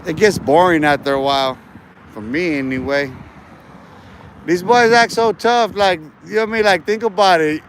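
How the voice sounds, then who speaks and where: A man's voice: high-pitched, normal speed, fairly bright tone, a little hiss or hum. A man livestreaming a confrontational, aggressive and profane rant from outdoors by a street on a handheld phone. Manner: aggressive, profane trash talk.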